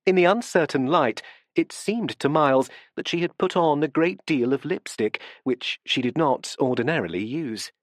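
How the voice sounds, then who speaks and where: A man narrating a classic mystery novel in a measured, expressive way. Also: fairly high pitch, dry recording, clean studio sound. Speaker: audiobook narrator. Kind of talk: scripted narration.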